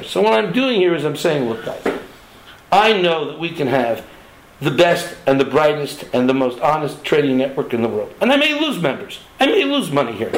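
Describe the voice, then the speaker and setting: A man's voice: on the high side, echoey room, slight background noise, rough recording. A man who runs a diamond trading network, making an impassioned, emphatic appeal to its members to stay honest.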